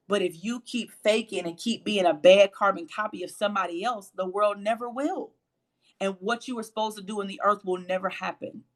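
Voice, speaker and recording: A woman with a low voice hosting a faith-based motivational livestream, emphatic and preachy, repeating phrases for emphasis. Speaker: host and motivational speaker.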